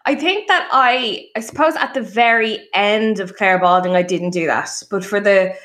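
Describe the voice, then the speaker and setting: A woman chatting casually on a podcast, telling stories in a blunt, animated, sweary way. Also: mid-range voice, normal speed. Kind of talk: casual chat.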